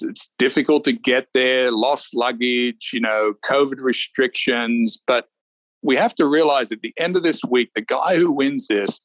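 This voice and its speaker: A man co-hosting a casual golf preview chat, animated and rambling, often restarting his sentences. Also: medium pitch, no echo, muffled recording. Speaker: golf show co-host.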